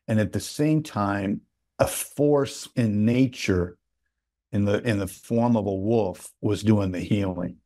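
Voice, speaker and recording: A man's voice: fairly low pitch, slow, mellow, dry recording, clean studio sound. A man in a casual podcast conversation who tells personal stories and often checks in with his listeners. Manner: storytelling, with repeated "right?" check-ins.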